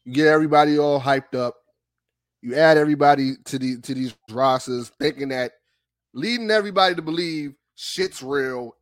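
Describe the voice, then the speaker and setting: A man's voice: on the high side, moderate pace, no room sound. Heated, fired-up podcast host man. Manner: heated, profane, laughs loudly. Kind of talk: casual chat and sports rant.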